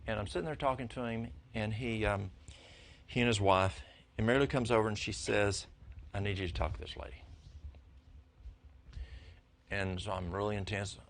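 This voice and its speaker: An older man telling folksy stories to a church congregation, his voice jumping high when excited. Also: moderate pace, long pauses. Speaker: lay speaker at church. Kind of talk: storytelling talk to a congregation.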